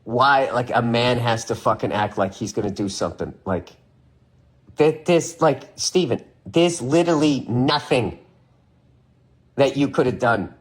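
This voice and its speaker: A man's voice: medium pitch, lively intonation, unhurried, breathy edge. A man talking in a casual monologue, rambling and swearing with an incredulous edge.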